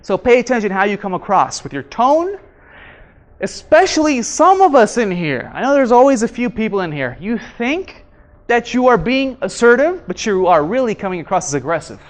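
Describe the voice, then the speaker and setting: A man teaching a workshop to a live audience, quizzing the room and acting out his examples in an animated way. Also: sits high, moderate pace. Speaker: workshop instructor. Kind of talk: interactive seminar lecture.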